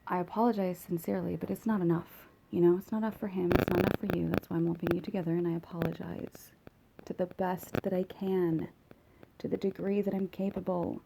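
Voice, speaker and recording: Gravelly-voiced woman rambling candidly. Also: on the low side, flat delivery, brisk, background noise. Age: late 30s. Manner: rambling, profane, candid, self-mocking. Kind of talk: confessional vlog monologue. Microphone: phone.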